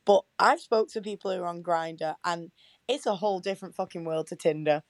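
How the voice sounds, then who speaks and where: A woman's voice: on the low side, a little fast, no echo. A young woman co-hosting a casual podcast, chatty and sweary, often laughing. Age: young adult. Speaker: podcast co-host.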